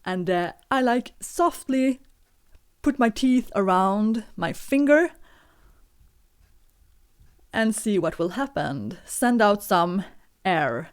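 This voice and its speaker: Slow, lilting woman teaching singing. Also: mid-range voice. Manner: calm, patient step-by-step instruction. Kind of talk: vocal warm-up lesson.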